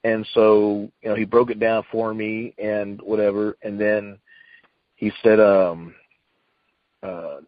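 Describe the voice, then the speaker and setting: In phone-quality sound with no echo, a retired wrestler guest in middle age slowly tells an old story in a fairly low, level voice. It's casual and rambling, packed with fillers and restarts, and he acts out people's lines.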